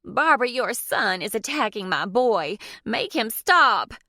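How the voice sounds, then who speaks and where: Una narradora imitando a una madre mojigata y chillona. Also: female voice, sing-song, measured pace, pushed and bright, no echo, clean studio sound, full character voice. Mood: shrill indignant. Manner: scandalized, shrill scolding. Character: shrill prim churchgoing mother, middle-aged.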